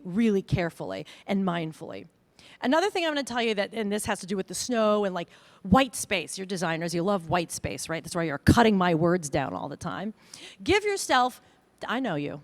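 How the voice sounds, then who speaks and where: A middle-aged woman giving a conference keynote, animated and self-deprecating, often acting out other people's voices. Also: mid-range voice, normal speed, no echo. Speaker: conference speaker. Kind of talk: keynote talk.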